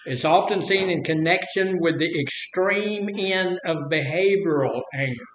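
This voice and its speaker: A man's voice: sits high, unhurried, a bit bright, slight background noise. An older man telling stories in a rambling, folksy way while teaching about anger in a casual talk. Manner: folksy, rambling storyteller who acts out quotes. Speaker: speaker leading a talk on anger. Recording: echoey room.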